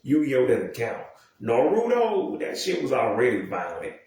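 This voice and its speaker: A man's voice: mid-range voice, lively intonation, moderate pace, a little mellow. A man in his thirties rambling casually and profanely, with many restarts and asides. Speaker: video commentator. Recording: very echoey room, mic far off.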